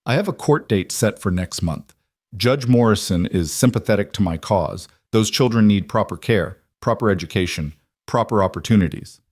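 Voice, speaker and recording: A man's voice: on the low side, expressive, normal speed, a little mellow, breathy edge, dry recording, studio quality. A man doing a sneering rich bully, blunt. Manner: blunt, sneering, falsely sympathetic. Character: smug wealthy middle-aged man, sneering bully.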